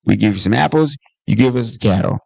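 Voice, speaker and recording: A man's voice: lowish voice, fast, vocal fry, breathy edge, dry recording. A comedian from Washington, D.C. telling stories from his life in conversation, acting out the voices of people in them. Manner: animated storyteller, acts out voices in anecdotes. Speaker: comedian and author at book talk. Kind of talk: storytelling in conversation.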